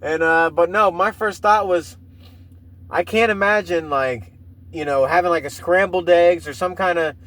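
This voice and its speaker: A man's voice: high-pitched, moderate pace, fairly bright tone. A man hosting a solo podcast, telling a crude story in a rambling way, padded with "you know" and restarts, chuckling between phrases. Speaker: podcast host. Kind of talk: casual solo podcast rant.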